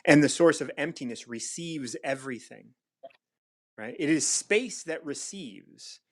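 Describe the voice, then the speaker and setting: A man's voice: a little high, expressive, measured pace. Reflective man hosting a spiritual chat. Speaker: recovery mentor and host. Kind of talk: casual spiritual discussion.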